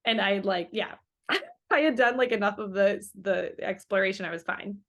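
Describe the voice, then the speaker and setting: A woman's voice: mid-range voice, expressive, moderate pace, fairly bright tone. A young woman telling her story as an interview guest in a casual, chatty way, full of fillers and quoted remarks.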